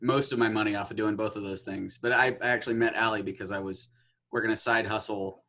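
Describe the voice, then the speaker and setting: A man's voice: on the low side, steady tone, quick pace, bright, forceful tone. A man in his twenties, a guest musician and actor, chatting in an easygoing way and laughing often. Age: 20s. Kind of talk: casual interview chat.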